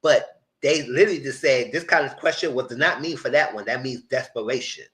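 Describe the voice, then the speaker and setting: A man giving a live casual recap of a reality dating show, acting out the quoted lines and breaking into high-pitched excitement. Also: fairly quick. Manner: animated, breaks into high shrieks and laughter when excited; acts out quoted lines in voices.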